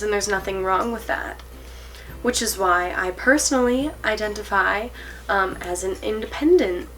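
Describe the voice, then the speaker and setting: A slight background noise sits under this eighteen-year-old vlogger's medium-pitched, pushed and bright voice. Talking casually to camera, she's earnest and a little nervous, rambling, correcting herself, using fillers and giggling self-consciously.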